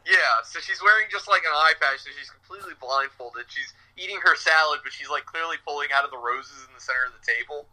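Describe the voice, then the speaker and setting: Male teacher co-host, very bright and sharp tone, higher pitch, easygoing recap chat. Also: quick pace, few pauses, low-quality recording. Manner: relaxed, fills in details, quotes lines. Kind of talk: casual chat recapping a cartoon episode.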